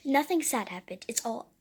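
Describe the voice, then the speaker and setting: A teenage girl vlogging at home about finishing a book series, gushing, often whispering and exclaiming "oh my gosh.". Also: very high voice. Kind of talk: casual vlog. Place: at home, in her bedroom.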